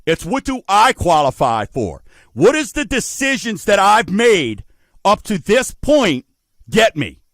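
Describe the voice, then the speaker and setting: Very animated and high-pitched, this middle-aged radio host talks mortgages at a measured pace, his tone a bit bright and free of echo. He's folksy and emphatic, asks rhetorical questions, and addresses his audience as folks.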